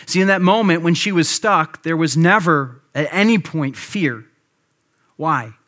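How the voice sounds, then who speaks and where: A man in his thirties, a pastor, preaching a sermon and telling a personal story in a relaxed, conversational way with frequent fillers. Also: a little high, a little slow.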